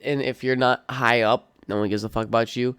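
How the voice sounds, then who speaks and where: A man's voice: mid-range voice, steady tone, fairly quick, fairly bright tone, clean tone, dry recording, studio quality. A young adult man hosting a podcast, ranting casually in a blunt, profane, opinionated way full of "like" and "um". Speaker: podcast host. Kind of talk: casual solo rant.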